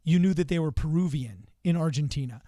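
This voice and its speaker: Chatty, higher-voiced man. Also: fairly quick, warm tone, dry recording, studio quality. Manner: chatty, storytelling, slips into Spanish phrases. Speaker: podcast co-host. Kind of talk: casual political chat.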